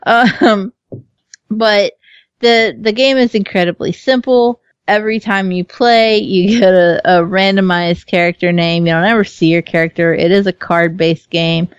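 A woman's voice: mid-range voice, steady tone, unhurried, clean tone, no room sound, lo-fi sound. A woman co-hosting a casual game review stream, chatty, laughing often and swearing casually. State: hiccups. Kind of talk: casual chat.

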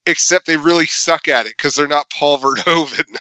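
A man's voice: on the high side, moderate pace, bright, forceful tone, dry recording, poor audio. A man casually recapping a movie plot, rambling, laughing often and leaning on fillers like "you know".

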